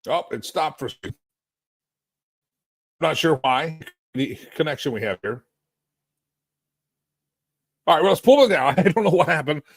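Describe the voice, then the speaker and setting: A middle-aged man hosting a live political talk stream from a hotel suite, sarcastic and animated, rambling and restarting as he goes. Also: a little high, moderate pace, pauses often. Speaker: talk show host.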